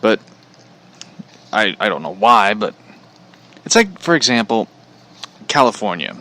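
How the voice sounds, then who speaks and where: A man's voice: on the low side, very animated, unhurried, sharp tone. A man from Missouri hosting a podcast, ranting casually in a blunt, profane, rambling way. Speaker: podcast host. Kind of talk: casual rant.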